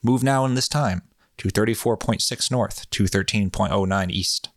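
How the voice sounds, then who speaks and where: A man voicing a calm male session monitor, giving slow, measured, repeated directions in a hypnotic manner. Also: fairly low pitch, dry recording, clean studio sound.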